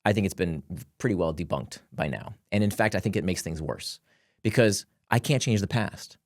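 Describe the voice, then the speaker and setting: Male guest author, lowish voice, animated talker who laughs between points. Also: normal speed, no room sound, studio quality. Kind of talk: conversational explaining.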